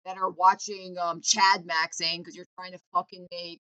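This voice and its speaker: A woman's voice: on the low side, flat delivery, moderate pace, pushed and bright, smooth, highs cut off. A woman delivering a heated political rant to the camera, intense and emphatic, swearing often.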